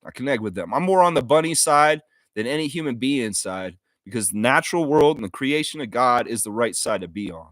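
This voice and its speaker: A man's voice: mid-range voice, expressive, a little fast, a bit bright, no room sound. Earnest, emotional man on a dry mic. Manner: earnest, heartfelt, apologetic, many restarts. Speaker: host of a basketball fan live stream. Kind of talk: unscripted live stream monologue.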